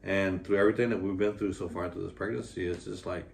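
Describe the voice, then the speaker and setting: Deep-voiced man rambling in an echoey room. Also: fairly even intonation, quick pace, vocal fry, a little mellow, distant mic. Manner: rambling, heartfelt, many fillers. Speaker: vlogger, expecting father. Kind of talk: casual couple vlog talk. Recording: echoey room, voice from off the mic, faint room noise.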